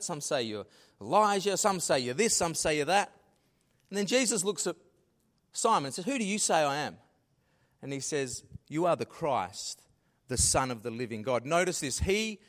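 Animated pastor, fairly high voice. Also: male voice. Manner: animated, swings from loud emphasis to hushed asides. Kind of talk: sermon.

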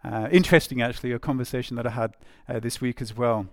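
A man delivers a sermon in a gravelly, creaky voice. He talks conversationally, circling back and repeating phrases for emphasis, with plenty of ums and uhs. The recording is dry and close, with no room echo. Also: mid-range voice, fast. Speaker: preacher.

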